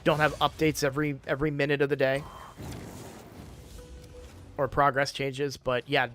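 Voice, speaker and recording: A man's voice: medium pitch, level tone, moderate pace, fairly bright tone, faint music behind. A man chatting casually on a game live stream, sleepy and yawning, rambling with frequent restarts.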